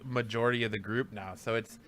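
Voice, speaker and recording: A man in casual podcast chat, laughing easily and gently mocking the others. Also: mid-range voice, fairly even intonation, a little fast.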